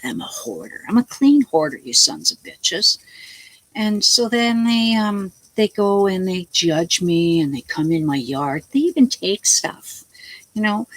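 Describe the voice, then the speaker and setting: A woman's voice: on the low side, no room sound, rough recording. A woman vlogging from her home, rambling in a blunt, chatty way and swearing freely as she jumps between topics. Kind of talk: rambling casual home vlog. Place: at home, talking to the camera.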